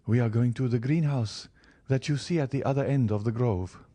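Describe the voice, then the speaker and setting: A man's voice: medium pitch, moderate pace, mellow, dry recording, voice pushed up, natural voice. A man voicing a sorrowful middle-aged noblewoman in an audiobook, speaking in a plaintive, tremulous way. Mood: earnest. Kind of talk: audiobook character reading.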